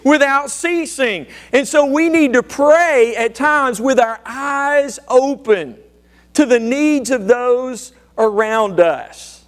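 A man's voice: very high-pitched, takes it slowly. A man preaching a sermon, telling a folksy joke story and calling out questions to the congregation. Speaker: pastor.

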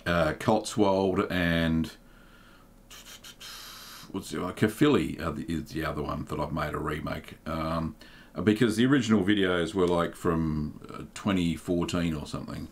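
A middle-aged man, hosting a casual livestream in a relaxed, chatty way, with plenty of ums and uhs. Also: sits low, normal speed, gravelly. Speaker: livestream host.

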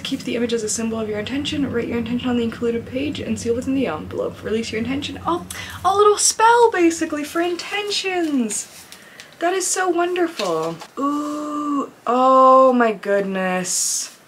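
A woman's voice: a little high, a little hiss or hum. Gushing young woman unboxing mail. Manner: gushing, exclaims often, restarts sentences. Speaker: craft YouTuber opening viewer mail. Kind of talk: casual unboxing chat to camera.

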